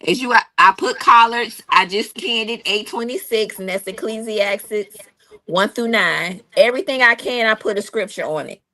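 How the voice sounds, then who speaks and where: A woman's voice: a little high, normal speed, bright, forceful tone, no room sound. A woman guest in a casual stream chat, sassy and folksy, showing home-canned greens.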